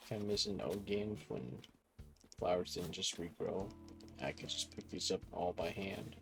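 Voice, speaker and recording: Gravelly low-voiced man musing over gameplay. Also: measured pace, over music. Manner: relaxed, musing to himself while playing. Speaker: gaming channel host. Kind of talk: casual gameplay commentary.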